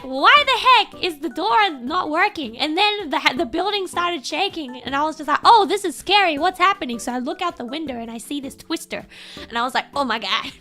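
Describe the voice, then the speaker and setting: A woman streamer telling a childhood story in casual chat, animated and laughing often, with sudden shouted impressions. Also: high-pitched. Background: soft background music.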